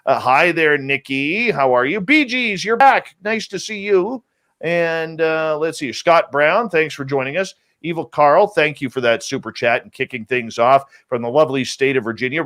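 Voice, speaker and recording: A male show host greeting viewers by name in an upbeat, playful way and jumping up in pitch on names. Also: fairly bright tone. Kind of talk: livestream show opener, greeting chat viewers.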